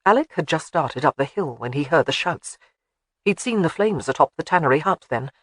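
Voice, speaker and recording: Male audiobook narrator, dramatic and expressive, higher register, dry close mic. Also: a little fast, no room sound. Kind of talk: scripted narration.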